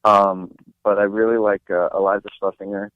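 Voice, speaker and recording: A man's voice: fairly low pitch, flat delivery, normal speed, clean tone, dry recording. A young man from New Jersey, a guest actor chatting casually in an interview, rambling with lots of fillers and restarts. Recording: dry tinny phone line.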